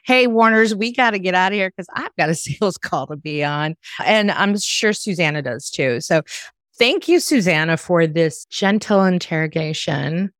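A woman's voice: fairly low pitch, lively intonation, normal speed, fairly bright tone, no echo, clean studio sound. A woman hosting a podcast, chatting casually and laughing often. She is from the United States. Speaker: podcast host.

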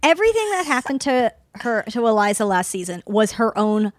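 A woman's voice: on the high side, sing-song, fairly quick, no echo, studio quality. A woman on a podcast team, ranting with irritation in casual chat. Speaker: podcast production team member.

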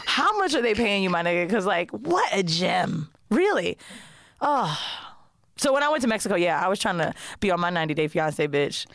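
A young woman co-hosting a podcast in casual chat, an animated and profane storyteller who laughs often and mimics the people she talks about. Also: lowish voice, fairly quick, dry recording, clean studio sound. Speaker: podcast co-host.

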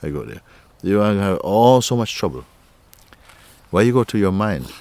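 Male spiritual teacher, lowish voice, gentle and playful, laughs often, nonstandard grammar in English. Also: big pitch swings, normal speed, dry recording. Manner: gentle, playful, laughs often, repeats "you see" and "huh".

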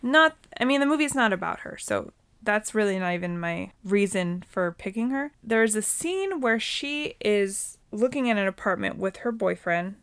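A woman's voice: medium pitch, animated, moderate pace, clean tone. A woman in her thirties co-hosting a podcast, chatting casually with lots of fillers. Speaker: podcast co-host. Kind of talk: casual chat.

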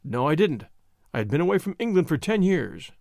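A man voices a guarded witness, answering plainly and defensively in a fairly high voice with lively ups and downs. The sound is close and dry. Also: fairly quick, gravelly, no echo. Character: guarded, broad-shouldered male friend under questioning. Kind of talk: audiobook reading.

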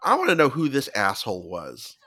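Bright, lively man gushing in chat. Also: mid-range voice, a little fast, slightly rough. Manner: enthusiastic, playful. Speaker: podcast co-host. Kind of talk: casual chat.

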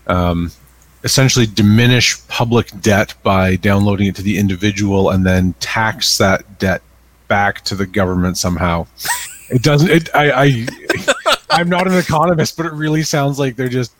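A man co-hosting a casual podcast, dry and measured, reading out details. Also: lowish voice. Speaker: podcast co-host.

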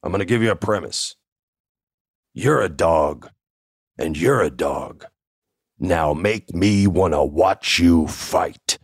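A man impersonating a gruff, impatient older wrestling boss who speaks in slow, clipped barks. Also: sits low, no room sound, clean studio sound, exaggerated voice. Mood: demanding.

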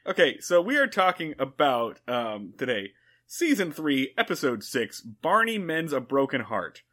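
A man's voice: medium pitch, big pitch swings, a little slow, fairly bright tone. A man co-hosting a podcast in laid-back, profane casual chat, with plenty of fillers. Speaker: podcast co-host.

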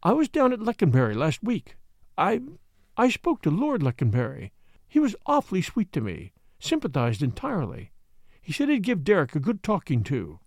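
A man's voice: on the high side, wildly swooping pitch, moderate pace, darkish tone, no room sound, studio quality, full character voice. A man reading aloud and voicing a headstrong, upset young wealthy woman in a raised, emphatic voice. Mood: plaintive.

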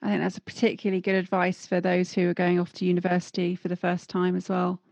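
A woman's voice: on the low side, monotone, quick pace, vocal fry, darkish tone, dry recording. A woman hosting a podcast, encouraging in chat and upbeat when reading her outro. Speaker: podcast host and life coach. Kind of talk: casual interview chat and scripted outro.

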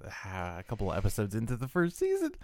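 A man with a Southern Maryland accent co-hosting a podcast, talking fast with quick restarts. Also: on the low side, huge pitch swings, crowd noise. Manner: fast, tumbling speech with restarts. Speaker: podcast co-host. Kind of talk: casual chat.

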